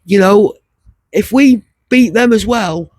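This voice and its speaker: A man hosting a football vlog, hoarse from shouting and chatting excitedly after a match. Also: high-pitched, slow pace, no room sound. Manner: excitable, chatty, laughs often. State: hoarse, losing his voice. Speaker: vlog host interviewing club staff and players. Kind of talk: casual post-match chat.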